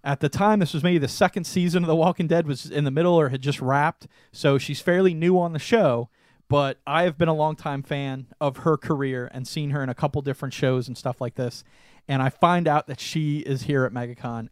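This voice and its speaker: A young man co-hosting a podcast, telling a story in casual chat, animated and laughing often. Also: on the high side, fairly quick, dry recording, clean studio sound. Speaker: podcast co-host.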